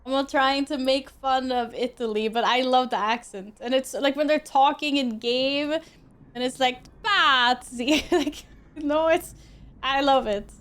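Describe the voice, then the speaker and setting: A young Swedish woman streams a video game from home, chatting and giggling with her viewers as she plays. Her voice sits high and she speaks unhurriedly in this casual gameplay stream.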